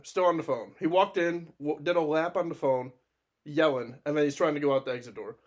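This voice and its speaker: Animated, profane male podcast storyteller. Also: on the high side, fairly quick. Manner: animated, profane anecdote-telling with laughs. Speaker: podcast co-host. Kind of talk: casual storytelling chat.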